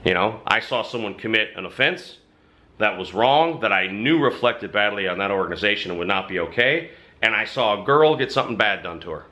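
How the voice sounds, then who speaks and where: A man's voice: fairly low pitch, expressive, a little fast, sharp tone. A man who hosts a channel and belongs to a motorcycle club, telling a story to camera in casual, emphatic talk with some mild swearing.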